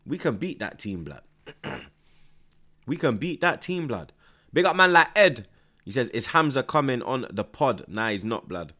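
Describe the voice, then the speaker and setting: A man's voice: medium pitch, very animated, measured pace, bright, forceful tone. A young man, chatting casually on a live football stream, reading out viewer comments, nervous but hyped. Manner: slangy, repeats himself, reads out chat, nervous yet hyped.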